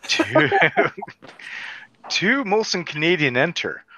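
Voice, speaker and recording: Bright-voiced man, slow lively deadpan jokes. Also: sits high, no room sound. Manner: deadpan joke delivery, reading out repeated gag lines. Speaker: online game player. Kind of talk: casual group chat over a card game.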